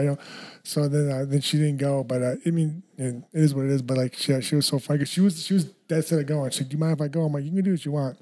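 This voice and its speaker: A young man telling a story in a casual, animated way, laughing often and using slang. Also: on the high side, quick pace. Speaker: guest, fighter.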